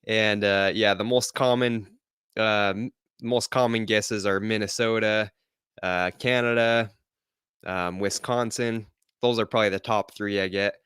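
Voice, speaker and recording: A man from Utah, answering interview questions in a relaxed, easygoing way and laughing often. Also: lowish voice, a little slow, clear, resonant tone, no echo, studio quality. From Utah, United States. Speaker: podcast host as interview guest. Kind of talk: live-streamed interview.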